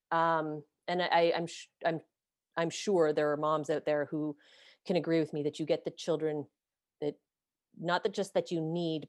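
A woman's voice: low-pitched, no room sound, studio quality. A woman host telling her own story candidly, blunt and self-deprecating, swearing freely. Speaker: podcast host being interviewed.

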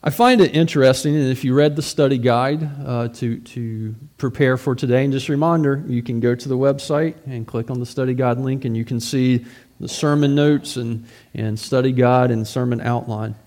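A man's voice: medium pitch, fairly even intonation, moderate pace, a little mellow. A man, a pastor, preaching a sermon in a conversational way, asking rhetorical questions and often repeating words as he goes.

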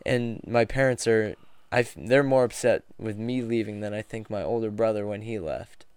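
A young man telling a personal story in a casual podcast conversation, earnest and halting with restarts. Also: fairly low pitch, fairly even intonation, darkish tone, clean tone, no echo.

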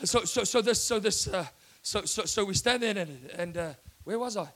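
South African male preacher, high-pitched, fiery and excitable, given to shouting. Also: normal speed. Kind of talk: sermon.

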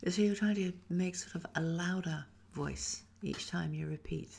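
Woman voice coach, low-ish gravelly husky voice, calm step by step instructions. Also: moderate pace. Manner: calm, instructive, demonstrates sounds. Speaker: voice teacher. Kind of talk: guided voice exercise.

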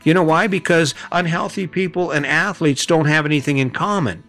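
A man's voice: a little high, brisk, fairly bright tone, faint music behind. A middle-aged man hosting a podcast, giving a blunt motivational monologue full of rhetorical questions and swearing. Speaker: podcast host.

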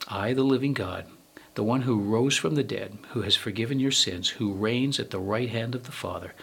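A man delivers a sermon in a gravelly, husky voice with a bright edge. He speaks earnestly and at a measured pace, slowing down and softening at the ends of his key phrases. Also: on the low side. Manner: earnest, measured preaching with slow emphatic phrase endings and frequent fillers. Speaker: preacher.

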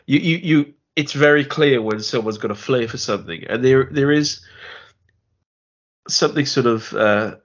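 A man co-hosts a casual film podcast, rambling through his thoughts with lots of restarts and laughs as he talks. His voice is a little husky and sits at a middling pitch. The audio is dull and lo-fi, like a remote call. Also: moderate pace. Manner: rambling, repeats words, laughs while talking. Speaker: podcast co-host.

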